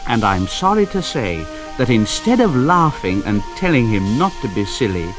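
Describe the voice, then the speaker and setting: A man reading a children's storybook aloud in an expressive, unhurried way. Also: medium pitch, over music. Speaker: reader.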